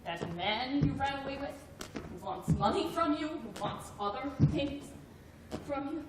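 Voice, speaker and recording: A woman's voice: sits high, expressive, measured pace. Stern old grandmother. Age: older. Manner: blunt and clipped. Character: stern, cold old grandmother who runs a store. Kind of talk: film drama acting. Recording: roomy, distant film sound, faint noise.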